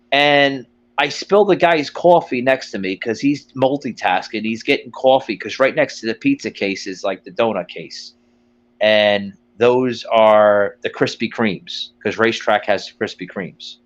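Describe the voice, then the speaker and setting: Heard through a phone line that cuts off the highs, a fairly low-pitched male podcast host rambles through a profane comic story. He quotes people along the way in put-on voices.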